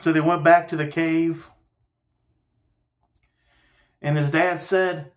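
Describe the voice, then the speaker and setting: Folksy male storyteller, fairly high voice. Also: normal speed, hardly any pauses. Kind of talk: storytelling narration.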